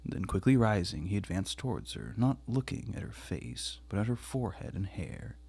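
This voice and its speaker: Male audiobook narrator; husky, low, measured classic-novel reading. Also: very animated, a little mellow. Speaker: audiobook reader.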